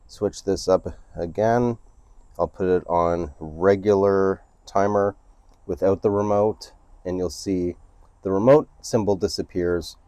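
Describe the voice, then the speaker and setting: A man who runs a photography channel hosts a casual camera tutorial indoors at home, near a couch. He walks through each step and keeps checking in with the viewer by asking "right?". His voice is low-pitched with a darkish tone, and there's no room sound.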